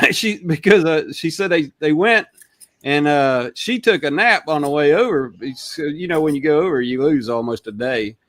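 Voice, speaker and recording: A middle-aged man with a drawl, telling stories in a casual chat and laughing at his own punchlines. His voice sits fairly high and lively, and the sound is dry and close. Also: moderate pace, no echo. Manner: storytelling, laughs at own jokes. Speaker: host.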